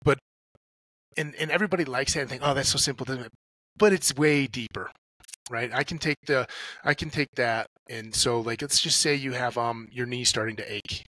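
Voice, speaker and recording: A man's voice: mid-range voice, moderate pace, bright, forceful tone, no echo, poor audio. A man, a podcast guest talking casually and acting out his inner dialogues as he tells stories, swearing freely. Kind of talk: casual conversational talk.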